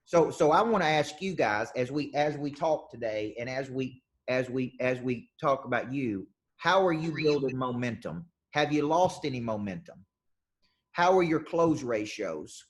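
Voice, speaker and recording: A man running a live sales coaching session, talking in an energetic, punchy way and repeating questions for emphasis. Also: mid-range voice. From southern United States.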